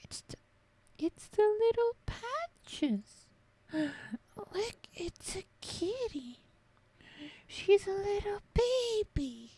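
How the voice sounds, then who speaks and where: A woman talking to her cat in a put-on cooing baby voice, soft and fond. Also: very high-pitched, big pitch swings, slow, pauses often, pitched above the performer's own voice, exaggerated voice. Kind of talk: soft talk to a pet.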